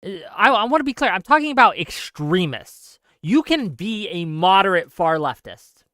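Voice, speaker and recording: A man hosting a political livestream, his voice smooth and crisp on a close mic. He speaks with passion, says points twice over and keeps asking his audience "right?" The sound is dry, with hardly any room around it. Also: high-pitched, big pitch swings, normal speed, pushed and bright, no room sound. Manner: impassioned, repeats himself for emphasis; checks in with listeners with "right?". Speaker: livestream host.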